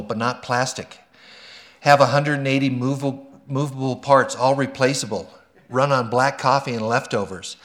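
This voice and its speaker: A man's voice: mid-range voice, a bit bright, lightly acted. A man reading God's lines in a story during a sermon, fond and explaining. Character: God the creator, weary but proud.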